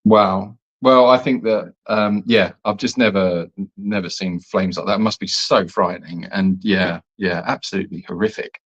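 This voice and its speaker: A man's voice: moderate pace, hardly any pauses, muffled recording. A man co-hosting a live Q&A chat from an animal sanctuary, joking and bantering with his co-host. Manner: jokey, playful banter with lively pitch swings.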